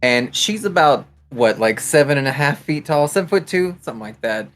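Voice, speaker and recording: A man's voice: medium pitch, lively intonation, fairly quick, a bit bright. Chatty man player describing characters. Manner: chatty, playful, lots of fillers. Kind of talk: casual chat at a tabletop game.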